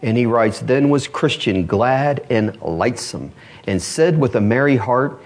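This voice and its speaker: Male preacher, sermon voice, storyteller who drops low and soft then rises high for emphasis. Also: lively intonation, unhurried.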